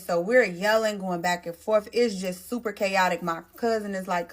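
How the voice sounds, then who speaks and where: A woman's voice: medium pitch, steady tone, moderate pace, few pauses, fairly bright tone. A pregnant woman telling a storytime vlog, speaking straight to her viewers and repeating phrases for stress.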